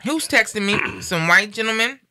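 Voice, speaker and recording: A woman's voice: mid-range voice, expressive, moderate pace, sharp tone, dry recording, soft background music. A middle-aged woman hosting a live stream, talking earnestly and emotionally in casual chat, often repeating herself. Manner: earnest, preachy, repeats phrases.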